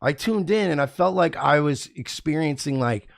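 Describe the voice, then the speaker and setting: A man with a gravelly, slightly high voice hosts a radio show and talks bluntly with plenty of swearing. He rambles in a loose, casual way, and the sound is dry and close. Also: lively intonation, moderate pace, no echo. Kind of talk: casual, crude talk-show banter.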